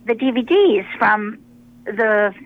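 A woman, a religious sister, chats on a radio program in a fairly high voice. She tells her stories in a rambling way, with fillers and restarts. The sound is dull and muffled, as if over a phone line. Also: expressive. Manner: rambling, warm storytelling with many pauses and fillers. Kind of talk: casual radio interview.

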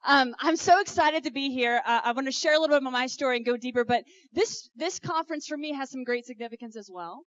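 A woman's voice: sits high, fast talker, hardly any pauses, no room sound, lo-fi sound. Woman preaching with fervent emotion. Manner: emotional, exhorting, loud bursts; breaks into prayer. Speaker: conference speaker. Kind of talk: preaching testimony.

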